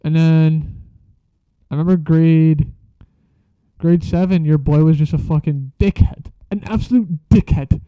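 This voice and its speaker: A man's voice: fairly high pitch, unhurried, clear, resonant tone, no room sound. A young man casually telling a story from school, slangy and profane, laughing as he goes. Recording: dull lo-fi sound.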